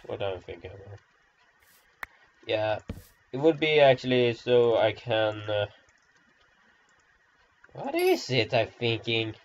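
A man rambling through gameplay commentary, self-deprecating and sarcastic, in a dull lo-fi recording. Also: mid-range voice. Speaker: gamer.

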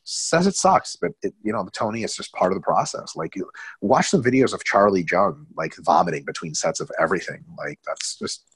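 Low husky man, lively and profane. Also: a little fast, dry recording, poor audio. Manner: profane, joking, animated storytelling. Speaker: co-host. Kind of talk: casual webinar chat. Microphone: video call.

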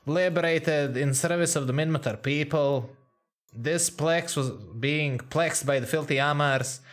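A man's voice: fairly high pitch, unhurried. Crude jokey guy streaming a game, headset mic right at his mouth. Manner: crude, joking, chatty, reads chat aloud. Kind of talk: casual live-stream commentary. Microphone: headset mic close to the mouth.

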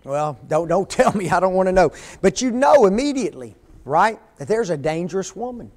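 An older man preaching a sermon in a church, folksy and conversational, often asking the congregation questions and reading scripture slowly with emphasis. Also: sits high, very animated, a little mellow. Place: church sanctuary.

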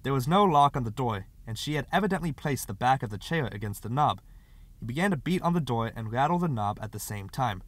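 A man reading a short story aloud as an audiobook narrator, in expressive scripted narration. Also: mid-range voice, a little fast.

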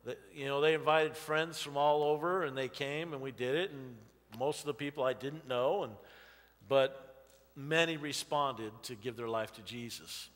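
A man's voice: mid-range voice, normal speed, fairly bright tone. A man in his fifties preaching a conversational sermon in a church sanctuary, telling personal stories with frequent "you know" asides. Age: 50s. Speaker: pastor. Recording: long church hall reverb.

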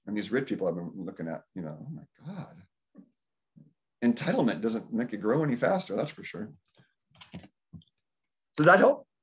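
A low-voiced man in his fifties talks in a loose, rambling way, his pitch swinging widely as he tells stories. He jumps into higher voices to act out his own thoughts and reactions. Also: sing-song, fairly quick, pauses often. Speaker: health practitioner speaking at a community dinner. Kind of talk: rambling casual talk. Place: indoor community dinner gathering.

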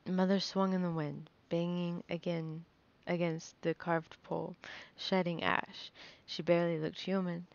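A woman with a low, gravelly voice reads a fantasy novel aloud, nervous and quick to stumble and correct herself. The recording is dull and lo-fi. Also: darkish tone. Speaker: reader.

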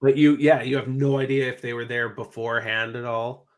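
A man's voice: medium pitch, fairly even intonation, a little fast, a crowd in the background. A man hosting a casual podcast panel discussion, rambling, swearing freely and trailing off mid-sentence. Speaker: podcast host.

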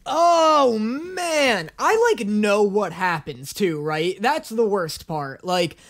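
A man hosting a reaction video, talking casually with animated, profane, joking rants. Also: sits high, slow.

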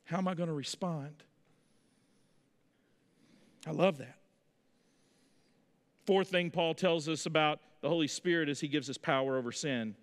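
High-voiced animated male preacher. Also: a little slow, long pauses, big-room sound. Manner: folksy storytelling, animated. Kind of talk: sermon. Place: church sanctuary.

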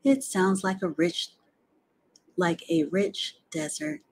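A woman voicing a calm, clever female spider in an audiobook, speaking in a measured, gently bossy way. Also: mid-range voice, husky. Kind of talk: audiobook character reading.

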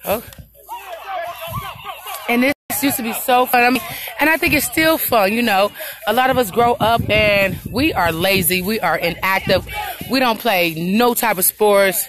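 On a phone camera live stream, a woman wanders an outdoor park event, chatting casually and cheerfully and laughing often. She speaks unhurriedly in a medium pitch, and the poor recording picks up a crowd and other outdoor noise.

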